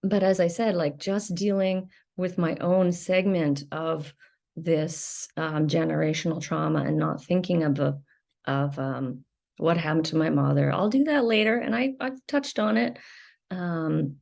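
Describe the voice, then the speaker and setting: Female host, reflective solo talk; hesitant, frank, pauses often, blunt when angry. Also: low voice, steady tone, gravelly, darkish tone. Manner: candid, hesitant, many ums, swears when angry. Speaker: video host sharing recovery experience. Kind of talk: reflective personal monologue.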